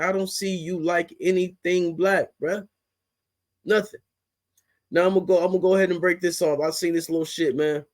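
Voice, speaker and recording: Heated cussing sports podcast host. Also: male voice, high voice, fairly even intonation, normal speed. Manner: heated, blunt, heavy swearing, rising to outbursts. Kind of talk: profane ranting commentary.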